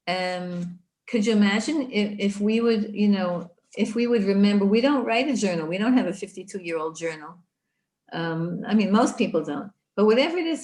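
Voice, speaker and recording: Woman Torah teacher, middle-aged, animated, talks right to her listeners, mid pitch. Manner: animated, speaks to listeners directly. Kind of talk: live online Torah class.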